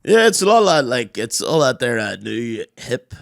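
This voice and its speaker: Man, podcast co-host, joking banter, mid-pitched voice, dry close sound. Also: very animated, moderate pace, gravelly, no room sound. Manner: joking, banters, quotes sayings and mock French. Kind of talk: casual chat.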